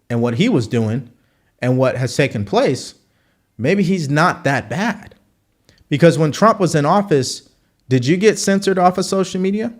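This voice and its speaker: A man hosting a live political commentary show, arguing his points with repeated rhetorical questions. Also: on the high side.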